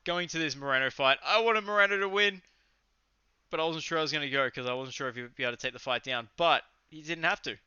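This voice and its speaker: Bright, crisp Australian bloke chatting fights. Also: male voice, fairly high pitch, fast, no echo. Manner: loose, swearing, enthusiastic, rambling. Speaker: podcast co-host. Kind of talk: casual fight recap chat. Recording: slightly muffled lo-fi audio.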